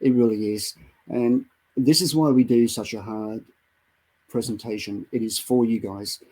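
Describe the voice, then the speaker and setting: A middle-aged man co-hosting a Christian show, preaching with dramatic retellings that build to loud exhortations. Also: mid-range voice, fairly even intonation, a little slow, slightly rough, poor audio. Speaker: co-host of a Christian online show. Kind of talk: impassioned preaching and storytelling.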